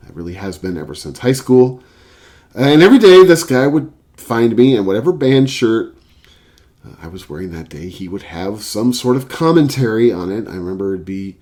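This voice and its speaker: A man with a mid-range, slightly mellow voice tells a rambling anecdote and reviews a record, vlogger-style, leaning on lots of fillers in his casual storytelling.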